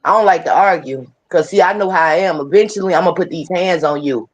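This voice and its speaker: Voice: mid-range voice, fast, dull audio. A co-host in a casual talk, speaking frankly and emphatically, with a lot of swearing. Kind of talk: casual chat.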